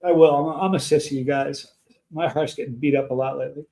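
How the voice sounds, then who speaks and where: A man hosts a livestream and speaks earnestly and emotionally to his chat. He rambles and restarts his sentences often. His voice sits a little high for a man. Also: steady tone, quick pace, vocal fry, mellow. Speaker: livestream host.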